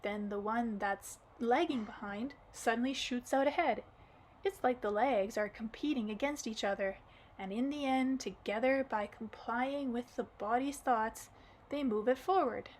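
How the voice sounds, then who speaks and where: A wise light-haired man explains things patiently and calmly, as a woman reads him aloud in an audiobook. The voice sits a little high. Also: unhurried, a little hiss or hum, lightly acted. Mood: explaining.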